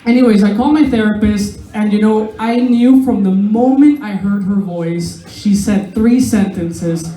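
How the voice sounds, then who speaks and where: A woman's voice: medium pitch, a little slow, few pauses, dark tone, reverberant, poor audio. Laid-back, profane woman doing stand-up. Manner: casual, profane, laughs at her own jokes. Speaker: stand-up comedian. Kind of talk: stand-up comedy set. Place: pub stand-up night.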